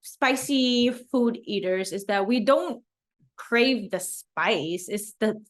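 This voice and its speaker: A young woman from Macau co-hosting a podcast, telling quick, animated stories in casual chat. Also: medium pitch. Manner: animated, quick storytelling with laughs. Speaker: podcast co-host.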